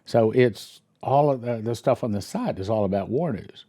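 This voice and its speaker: A church minister reading news headlines aloud and breaking in with wry, sarcastic asides and questions he thinks through out loud. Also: mid-range voice, moderate pace, dry recording, studio quality.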